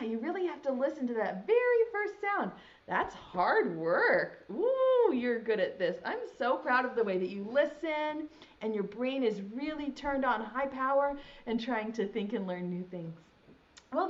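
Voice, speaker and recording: Sing-song preschool teacher woman, high and lively. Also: muffled recording. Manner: sing-song, encouraging, drawn-out sounds for young children. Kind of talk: virtual preschool lesson to children.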